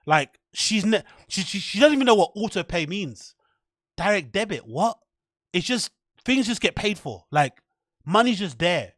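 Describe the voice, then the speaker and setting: A man hosting a podcast, rambling in mocking, profane, animated commentary. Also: sits high, moderate pace, no echo, studio quality. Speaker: podcast host.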